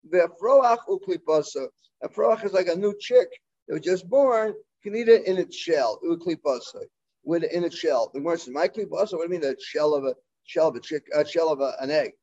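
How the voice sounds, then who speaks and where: High-voiced man teaching a Talmud class. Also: warm tone, dull audio. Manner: halting, full of fillers and restarts, mixing Hebrew and Aramaic terms.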